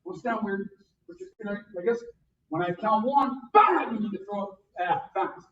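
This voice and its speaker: A karate instructor teaching a beginner class, counting out drills and calling punch commands in loud bursts. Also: medium pitch, sing-song, normal speed. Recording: distant, roomy, dull sound with faint noise.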